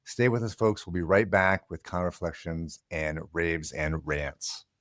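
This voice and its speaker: A man co-hosting a business podcast, slightly hoarse, rambling with many restarts. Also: sits low, a little slow, a bit bright, no room sound, clean studio sound. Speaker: podcast co-host. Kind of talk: podcast conversation.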